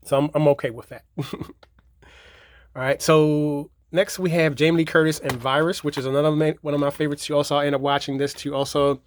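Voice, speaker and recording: A man's voice: fairly high pitch, little pitch movement, brisk, a little hiss or hum. A man giving a casual, rambling show-and-tell of his movie collection, repeating himself and leaning on fillers. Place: home theater room.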